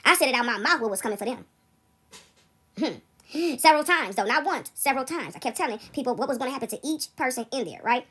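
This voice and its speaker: Brief: woman vlogger, quick and animated, high-pitched, storytelling straight into a phone app. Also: husky. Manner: animated, keeps asking "right?". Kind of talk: casual storytelling to viewers. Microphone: phone recording app.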